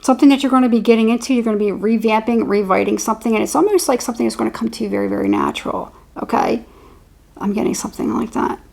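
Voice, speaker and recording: Female psychic reader, slightly high voice with vocal fry, loose and repetitive delivery. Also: quick pace, a little mellow. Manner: rambling, repeats words while channeling. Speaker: tarot reader. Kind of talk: intuitive horoscope reading.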